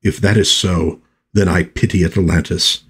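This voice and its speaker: A stern undersea prince, played by a man reading a comic aloud, speaking slowly and loftily. The voice is low and a little husky. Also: fairly even intonation. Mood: scornful.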